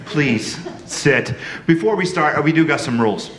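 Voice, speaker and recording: A man's voice: fairly high pitch, animated, a little slow, fairly bright tone. Nervous, gushing male panel moderator. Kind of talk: excited live panel hosting. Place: convention hall stage. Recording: roomy hall with noise.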